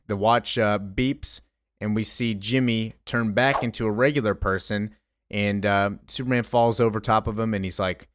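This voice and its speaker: Low-voiced man recapping comics casually. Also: fairly even intonation, normal speed, no echo, clean studio sound. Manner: rambling, filler-heavy retelling with offhand character impressions. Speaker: comic book recap host.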